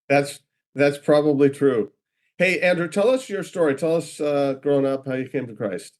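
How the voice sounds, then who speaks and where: A man hosting an interview, relaxed and chatty, asking his guest to share his story. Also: a little high, unhurried. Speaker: host. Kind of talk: casual interview.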